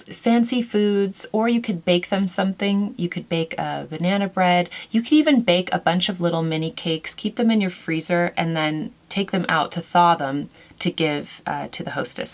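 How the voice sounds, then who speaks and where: Chatty woman, soft laughs. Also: lowish voice, creaky. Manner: gentle, chatty, frequent soft laughs and fillers. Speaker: lifestyle vlogger answering viewer questions. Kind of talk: casual chat.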